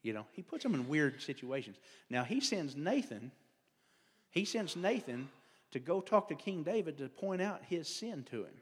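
A man's voice: on the high side, very animated, normal speed, hardly any pauses, husky. A man preaching a folksy, conversational sermon as a lay speaker, drifting into digressions and self-deprecating humor. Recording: long hall reverb.

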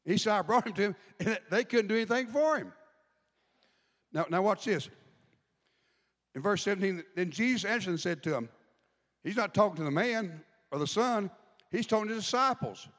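Guy preaching, pretty high voice, keeps asking the crowd stuff, long church reverb. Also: animated, normal speed, pauses often, fairly bright tone. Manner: conversational preaching, asks the congregation questions. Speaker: pastor. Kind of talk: sermon.

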